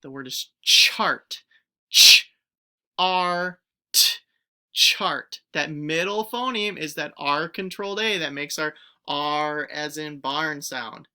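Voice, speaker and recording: A woman teacher giving a recorded phonics lesson to young pupils, stretching out each word sound clearly and encouraging the children to join in. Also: sits low, slow, hardly any pauses, pushed and bright. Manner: encouraging, speaks directly to children.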